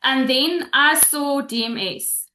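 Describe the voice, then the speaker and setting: A high-pitched woman speaks over a video call from a roomy, echoing space. She tells her story emotionally, halting and restarting as she fights back tears. She sounds to be in her thirties. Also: pushed and bright, slight background noise. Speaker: webinar guest sharing her story. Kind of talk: emotional testimonial on a webinar.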